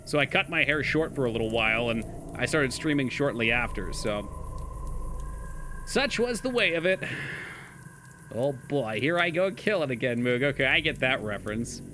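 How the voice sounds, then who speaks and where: A man's voice: medium pitch, noisy background. A young man streaming a game live, chatting casually with his chat, swearing and laughing often.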